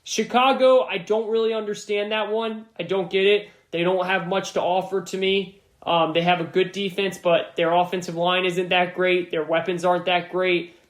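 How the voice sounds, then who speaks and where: A man's voice: sits high, little pitch movement, moderate pace. Emphatic man hosting a sports podcast, roomy sound. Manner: emphatic, repeats himself for stress. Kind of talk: casual sports commentary monologue. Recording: roomy echo.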